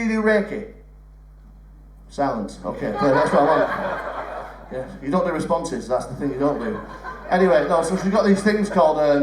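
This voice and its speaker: A young man performs live stand-up on a theatre stage, chatting with the crowd, teasing them and swearing freely. His voice is on the high side, picked up by a distant mic with slight background noise and the roomy sound of the theatre.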